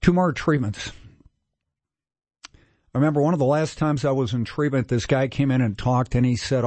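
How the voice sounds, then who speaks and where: A man's voice: mid-range voice, steady tone, brisk, a little mellow, no room sound. Man in his sixties from Minnesota, guest storyteller, candid and self-mocking, dry close sound. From Minnesota, USA. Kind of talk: casual storytelling.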